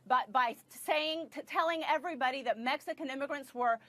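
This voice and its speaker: A woman's voice: high voice, a little fast, fairly bright tone. A woman from Puerto Rico arguing on a cable news panel, passionate and firm. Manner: passionate, firm, pushes back. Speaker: panel commentator.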